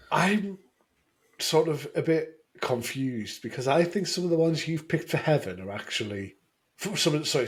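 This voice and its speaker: A man co-hosting a casual beer podcast, chatting with many restarts and bursts of laughter. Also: mid-range voice. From Scotland. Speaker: podcast co-host. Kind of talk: casual chat.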